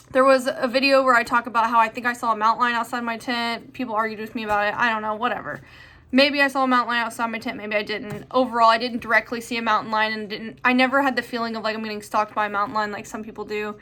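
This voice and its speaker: A woman's voice: a little high, little pitch movement, fast talker, bright, forceful tone. A young woman answering viewer questions in a chatty, rambling way with lots of fillers. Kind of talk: casual chat.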